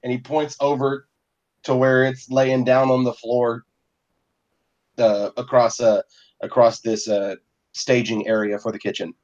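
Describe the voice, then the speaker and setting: A man narrating as game master in a relaxed, chatty way with many fillers. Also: medium pitch, measured pace, pauses often, highs cut off.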